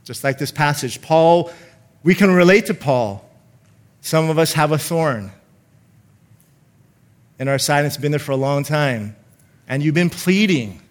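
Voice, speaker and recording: A man preaching a sermon, slowing down to stress scripture and calling on the congregation to repeat lines after him. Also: a little high. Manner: emphatic, calls for congregation responses, slows to stress scripture.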